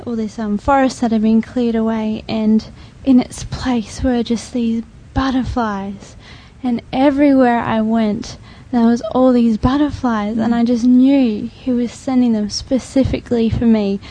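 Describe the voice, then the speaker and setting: Soft-spoken woman, mellow reflective voice. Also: on the high side, fairly even intonation, rough recording. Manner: halting, with many fillers, soft and reflective. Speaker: group member sharing a testimony. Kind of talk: casual personal storytelling.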